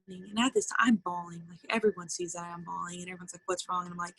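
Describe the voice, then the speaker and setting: Young female interview guest, twenties; vocal fry, dry recording, casual and emotional. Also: fairly low pitch, flat delivery, quick pace, few pauses, dry recording, rough recording. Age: 20s. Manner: chatty, lots of fillers, emotional retelling. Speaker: interview guest, former college softball player.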